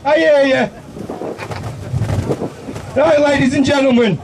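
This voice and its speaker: A man's voice: very high voice, steady tone, slow. A man rousing a protest crowd and announcing upcoming marches outdoors. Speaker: rally compere. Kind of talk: addressing a crowd. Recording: distant outdoor mic with noise.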